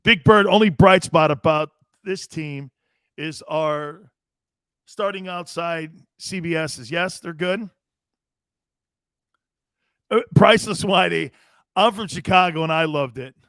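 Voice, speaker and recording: A man from Connecticut hosting a sports talk show, rambling excitably, laughing often and talking in a casual way. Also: a little high, takes it slowly, long pauses, clean tone, no echo, studio quality. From Connecticut, United States.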